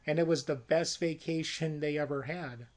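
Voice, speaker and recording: A storyteller casually pitching a horror movie, narrating in a folksy, conversational way. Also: fairly even intonation, normal speed.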